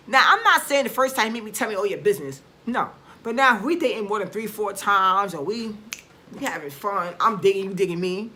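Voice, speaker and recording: A woman's voice: mid-range voice, expressive, brisk, sharp tone. A woman vlogger ranting to camera in a casual, blunt and profane way, with emphatic bursts and frequent restarts.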